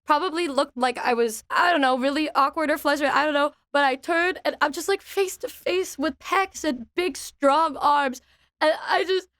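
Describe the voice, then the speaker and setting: A young woman co-hosting a podcast, telling a story in a lively way and acting out quoted lines with squeaky bursts. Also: normal speed, no room sound, studio quality. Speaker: podcast co-host. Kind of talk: casual chat.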